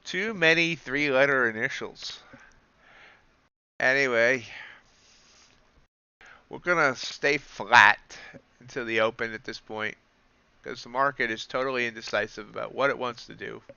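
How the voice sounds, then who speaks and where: A young man talks casually as he trades live, tossing jokes to his viewers between market calls. His voice is bright and smooth. The sound is dry and slightly dull. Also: medium pitch, moderate pace, no echo. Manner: chatty, joking asides to chat. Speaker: livestream futures trader.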